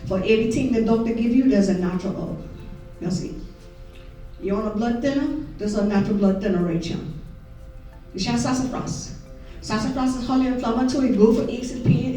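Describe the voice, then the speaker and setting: A woman's voice: on the high side, dark tone. Gullah-speaking woman in an echoey hall. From South Carolina Lowcountry. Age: middle-aged. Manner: folksy, keeps asking "you see?". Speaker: Gullah historian and interpreter. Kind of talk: live talk to an audience with song. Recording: echoey room from far off.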